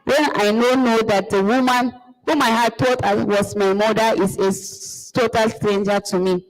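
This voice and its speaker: A woman's voice: fairly high pitch, fairly even intonation, moderate pace, faint music behind, close to an everyday voice. A woman reading a play aloud, voicing a young man who pleads insistently with his father. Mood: pleading. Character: young man demanding to know his mother. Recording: long hall reverb.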